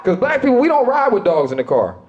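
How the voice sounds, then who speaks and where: A man's voice: very high voice, wildly swooping pitch, fast, dull audio, noisy background. Stand-up comic, middle-aged man, easygoing and conversational. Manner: loose conversational delivery with frequent asides. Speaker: stand-up comedian. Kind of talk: stand-up routine.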